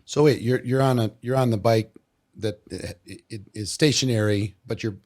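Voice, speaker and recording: A man's voice: fairly low pitch, moderate pace, darkish tone. Man host asking probing questions. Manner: probing questions, stumbles and restarts. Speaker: podcast host. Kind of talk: interview conversation.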